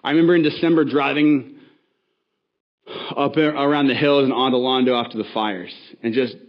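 Conversational pastor preaching, slightly muffled. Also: male voice, mid-range voice, steady tone, moderate pace. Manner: conversational, self-correcting with asides. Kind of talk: sermon.

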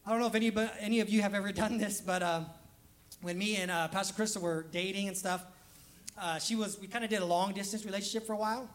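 A man's voice: high-pitched, fairly even intonation, fast. A man pastor preaching a conversational sermon to a congregation, acting out quoted voices and laughing at himself. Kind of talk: lively sermon. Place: church sanctuary.

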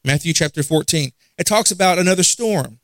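A man's voice: a little high, a little fast, a bit bright, no room sound. A man preaching a conversational sermon, asking the congregation questions and repeating phrases for emphasis.

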